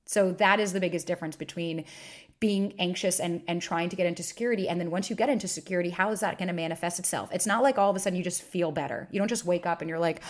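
A woman's voice: lowish voice, fast. A woman in her thirties hosting a casual solo podcast, talking frankly and emphatically, with plenty of swearing. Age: 30s. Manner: frank, profane, emphatic storytelling. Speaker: podcast host.

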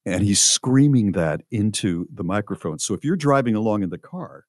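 Older male podcast co-host, low voice that swings a lot, chatty storyteller with plenty of ums. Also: normal speed, dry recording, clean studio sound. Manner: animated storyteller, many fillers and restarts. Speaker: co-host, former radio disc jockey. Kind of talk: casual storytelling chat.

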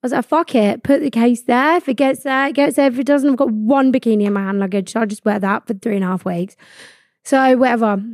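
A young woman in her twenties tells a long story on her solo podcast with lively energy, swearing often and acting out what everyone said. Her voice sits fairly high, and the studio sound is close and dry. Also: fast, no echo. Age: 20s. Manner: animated, swears freely, acts out quoted exchanges. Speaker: podcast host. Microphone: studio podcast mic.

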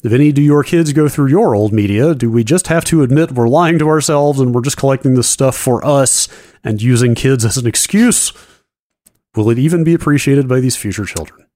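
A man co-hosting a podcast, reading a listener email aloud in an even, steady way. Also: mid-range voice, brisk, no echo, studio quality. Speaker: podcast co-host.

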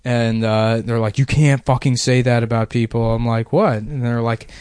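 Rambling deadpan podcast man. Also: medium pitch, moderate pace, clear, resonant tone, dry recording, studio quality. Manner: rambling, profane, deadpan jokes. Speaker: podcast co-host. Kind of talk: casual comedic chat.

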